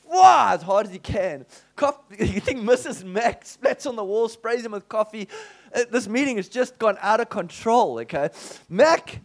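A male pastor telling a story in a sermon, animated and acting out the dialogue. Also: high-pitched, unhurried, vocal fry.

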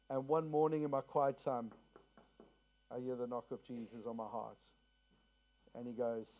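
A man's voice: mid-range voice, vocal fry, dark tone. A man from South Africa preaching a sermon to a congregation, telling a personal story, asking the listeners questions and repeating key phrases. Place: church to a congregation.

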